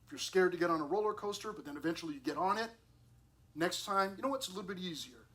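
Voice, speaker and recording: A middle-aged man with a fairly high voice gives a sermon at a youth service. He talks earnestly and conversationally, often repeating a word as he restarts a thought. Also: expressive, fast, fairly bright tone, a little hiss or hum.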